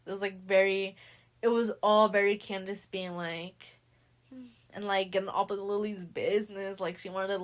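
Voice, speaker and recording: A woman's voice: mid-range voice, flat delivery, moderate pace. A young woman hosting a podcast, casually recapping a novel in slangy speech and acting out the characters' lines. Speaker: podcast host.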